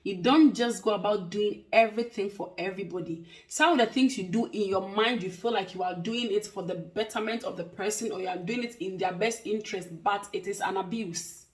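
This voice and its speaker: A woman talks casually to camera in a mid-range voice. She is emphatic and restates each point to drive it home. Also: mid-range voice. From Africa. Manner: emphatic, repeats points for stress. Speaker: vlogger and care worker.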